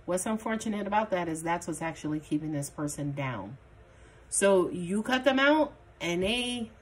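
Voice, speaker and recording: A woman giving a casual, chatty tarot reading, blunt and loose, swearing freely. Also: medium pitch. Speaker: tarot reader.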